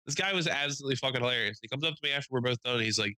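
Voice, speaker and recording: A young man co-hosting a podcast, telling animated stories with lots of swearing, acting out quotes in a raised voice. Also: mid-range voice, racing, few pauses, dry recording, poor audio. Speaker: podcast co-host. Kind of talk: casual storytelling chat.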